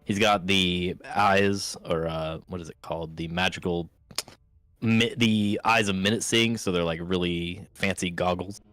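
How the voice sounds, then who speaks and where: Brief: lowish bright male player, dry close mic, jokey tabletop chat. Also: fairly even intonation, a little slow, no echo. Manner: laughing, playful, voices his character in first person. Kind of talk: tabletop role-play chat.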